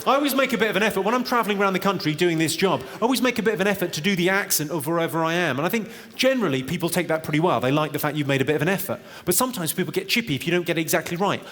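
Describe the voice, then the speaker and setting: Man doing stand-up, kinda high voice, big echoey hall, loud audience noise, snappy one-liners. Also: racing, few pauses. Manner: crisp one-liners to a heckling live crowd. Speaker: stand-up comedian. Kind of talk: stand-up routine. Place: large comedy venue on stage.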